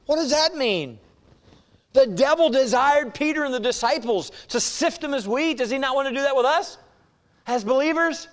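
A man pastor preaching a sermon, emphatic and swinging between loud declarations and hushed asides. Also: very high voice, moderate pace, in a large hall.

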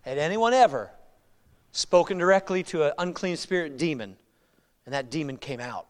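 A male pastor preaching a sermon in a joking, conversational way, swinging from hushed asides to loud emphasis. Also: a little high, animated, moderate pace.

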